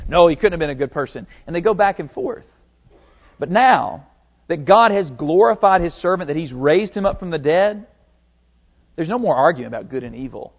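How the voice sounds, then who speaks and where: A man preaching a sermon as a pastor, talking conversationally and asking the congregation rhetorical questions. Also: on the high side. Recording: phone-like narrow sound.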